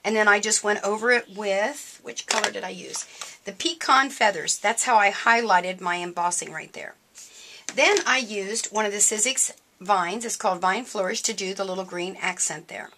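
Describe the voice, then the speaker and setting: A woman's voice: mid-range voice, normal speed, background noise. A middle-aged woman hosting a casual craft demonstration for a store, chatty and enthusiastic as she shows her projects.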